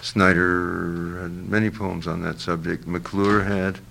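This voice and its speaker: An older man being interviewed, answering in a halting, reflective way with many fillers and restarts. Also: sits low, flat delivery, gravelly, fairly bright tone, a little hiss or hum.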